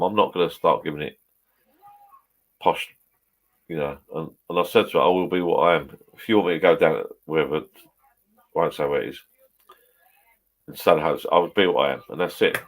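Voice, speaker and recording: A man's voice: very deep voice, a little fast, pauses often. A middle-aged man, chatting casually and rambling with live viewers, swearing freely. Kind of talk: casual live-stream chat. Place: home garden bar shed.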